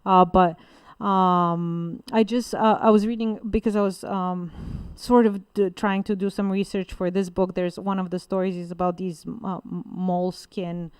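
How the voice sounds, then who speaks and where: A woman's voice: fairly low pitch, level tone, measured pace, few pauses, a little mellow, clear, resonant tone, no room sound. A Bulgarian woman, a literary translator, talking casually in an interview in English, rambling with many fillers and restarts. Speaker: guest writer and literary translator.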